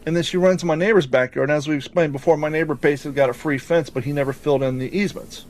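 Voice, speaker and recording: High-voiced man telling a wild story. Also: racing, slight background noise. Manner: animated, profane, rambling storytelling. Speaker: podcast host. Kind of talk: casual podcast storytelling.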